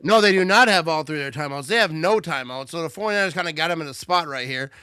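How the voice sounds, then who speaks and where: High-voiced guy doing loud jokey play-by-play, a little buzzed, bright and dry sounding. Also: fast talker, slight background noise. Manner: loud, joking play-by-play banter. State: tipsy. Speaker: livestream host. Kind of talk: live game watch-party commentary.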